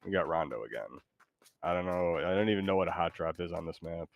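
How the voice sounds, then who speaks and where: A man's voice: low-pitched, fast talker, a little hiss or hum. A man streaming a game, talking in a laid-back, hesitant, joking way to his AI sidekick. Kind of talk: casual gaming stream chat.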